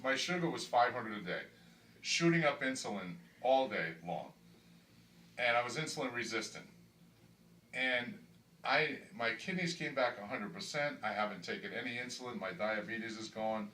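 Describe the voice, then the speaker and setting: Middle-aged guy telling his story in a hospital room, trips over his words a lot, gets loud and excited, mic kinda far off. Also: mid-range voice, normal speed, roomy sound. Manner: emphatic, stumbling repetitions, grows excited and loud. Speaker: weight-loss surgery patient. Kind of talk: candid testimonial interview. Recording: distant mic with faint background hiss.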